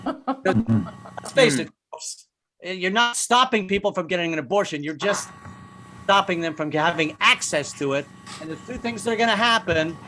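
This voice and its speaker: A man's voice: high-pitched, expressive, moderate pace, noisy background. An older man doing stand-up comedy, wry and self-mocking, with stammering restarts.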